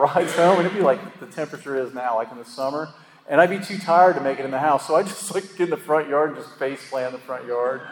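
Rambling man in an echoey hall. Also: medium pitch. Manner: rambling and self-deprecating, heavy with fillers and chuckles. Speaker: speaker sharing his story at a recovery meeting. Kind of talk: candid personal storytelling. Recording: echoey hall with faint ambient noise.

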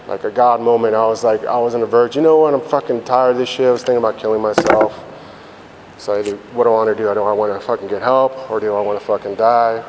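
A man's voice: mid-range voice, a little mellow. A man giving a blunt, profane personal testimony about his recovery, rambling with lots of fillers. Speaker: speaker sharing his recovery story. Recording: reverberant hall with faint background noise.

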